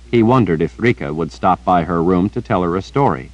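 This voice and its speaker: A man narrating a fantasy audiobook in a steady storytelling manner. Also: deep voice, a little fast, no room sound, poor audio. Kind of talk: scripted narration.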